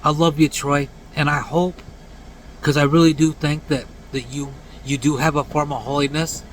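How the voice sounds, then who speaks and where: A man in his late forties delivering a blunt, earnest rant to camera, dropping to low mumbled tags at the ends of lines. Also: little pitch movement, normal speed, a little hiss or hum, poor audio. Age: 40s. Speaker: vlogger. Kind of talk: casual preachy rant to camera.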